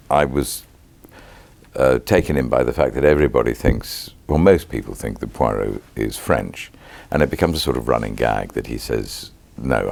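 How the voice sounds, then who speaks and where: A British actor in his sixties answering interview questions in a measured, reflective way, pausing with ums and restarting phrases. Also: rumbling low, creaky, a little mellow. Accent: British English. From Britain.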